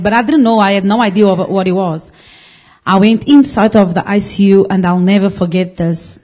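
A woman tells her testimony before a congregation in a mellow, warm voice. She speaks earnestly, restarting sentences and phrasing things loosely as the story pours out. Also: mid-range voice. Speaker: congregation member giving testimony. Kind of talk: personal testimony.

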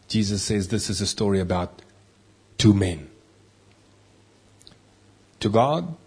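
Preacher, male, husky tone, emphatic delivery with big swings in loudness. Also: lowish voice. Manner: emphatic, rising and dropping loudness for stress. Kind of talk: sermon.

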